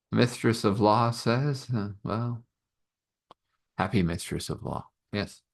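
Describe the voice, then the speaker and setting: A man's voice: on the low side, takes it slowly, gravelly. A man telling an improvised story in a rambling, chuckling way, with many fillers.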